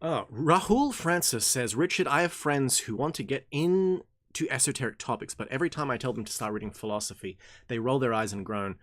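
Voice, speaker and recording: A young man hosting an occult reading group, reading passages aloud and rambling in jokey, animated tangents. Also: brisk, hardly any pauses, dry recording, studio quality. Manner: animated and jokey, swings from excited outbursts to low mumbles. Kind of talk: casual reading and commentary livestream.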